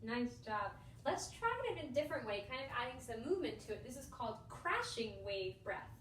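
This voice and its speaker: A woman teaching yoga to children, calm and encouraging, slowing down to guide their breathing. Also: on the high side, slight background noise. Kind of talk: gentle guided instruction for children. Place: indoor room with a yoga mat. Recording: echoey room, voice a bit far from the mic.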